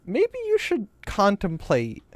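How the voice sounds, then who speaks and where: A man's voice: high-pitched, wildly swooping pitch, slow pace, no echo. A man streaming a game, chatting casually with his viewers in a joking, rambling, teasing way. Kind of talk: casual gameplay commentary.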